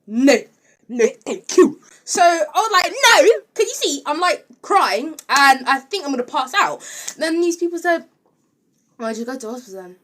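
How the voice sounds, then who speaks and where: A woman's voice: sits high, fairly bright tone. A young woman telling a casual, rambling storytime with lots of filler words. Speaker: vlogger.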